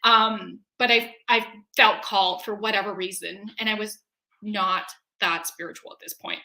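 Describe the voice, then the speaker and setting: A woman in her forties telling a personal story in a casual, animated way, acting out her own scared reactions. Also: mid-range voice, normal speed, reverberant. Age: 40s. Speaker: webinar guest.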